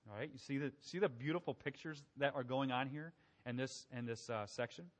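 Speaking a little fast in a mid-range voice, this male pastor preaches conversationally through scripture, frequently putting questions to his listeners. Long hall reverb fills the recording.

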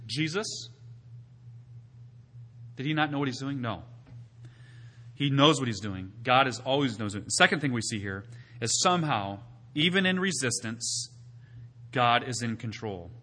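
A male pastor preaching a sermon, asking his listeners rhetorical questions and rising to loud, emphatic peaks before dropping back to quiet teaching. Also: medium pitch, expressive, unhurried, pauses often. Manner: asks the congregation rhetorical questions.

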